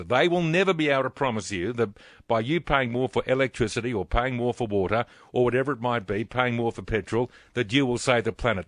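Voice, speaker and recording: An Australian man hosting talk radio, blunt and indignant in his commentary. His voice sits at a middle pitch, recorded close and dry in the studio with no room sound. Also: dry recording.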